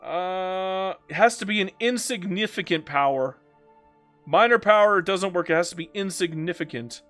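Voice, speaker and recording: High-voiced man chatting over gameplay. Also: lively intonation, normal speed, fairly bright tone, soft background music. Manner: chatty, joking, reads chat aloud, breaks into silly mock voices. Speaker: strategy game streamer. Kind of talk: live gameplay commentary.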